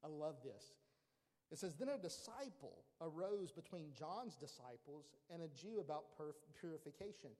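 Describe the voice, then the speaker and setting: Animated preacher in a reverberant hall. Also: male voice, moderate pace. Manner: emphatic, animated, drops to a hushed low voice for weight. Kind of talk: sermon.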